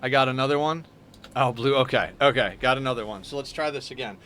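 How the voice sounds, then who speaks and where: A man hosting a live game stream, talking casually to his chat between moves. His voice sits at an ordinary middle pitch, and he rambles along in a loose, friendly flow of small talk. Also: fast, pushed and bright. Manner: chatty, answers viewer chat while playing.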